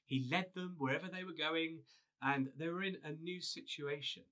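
Bright-voiced male pastor telling a story. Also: fairly high pitch, moderate pace. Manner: storytelling, conversational with fillers. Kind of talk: video sermon.

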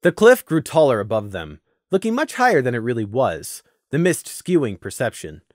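A man narrating a story in a lively, expressive reading voice. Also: medium pitch, moderate pace, no room sound, clean studio sound. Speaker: audiobook narrator.

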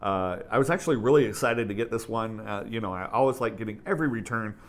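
A man's voice: on the low side, quick pace. Upbeat chatty male collecting host. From United States. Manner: upbeat, chatty, with frequent fillers and self-corrections. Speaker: autograph collecting channel host. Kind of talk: casual enthusiastic vlog.

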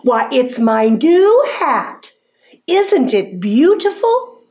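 A woman reading aloud, voicing a small, proud and stubborn male hedgehog in a slow, earnest storybook way. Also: high-pitched, sing-song, darkish tone, pitched above the performer's own voice, heavily acted. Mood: defiant.

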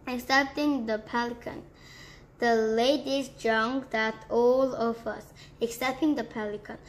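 Slow, high-voiced woman reading a storybook. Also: steady tone, slight background noise. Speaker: book reader. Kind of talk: reading a children's book aloud.

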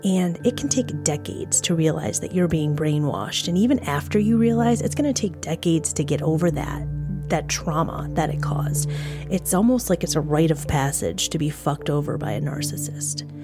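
A woman's voice: low-pitched, normal speed. A woman hosting a true crime podcast, reading a scripted narration with frank, blunt, conversational asides. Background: music.

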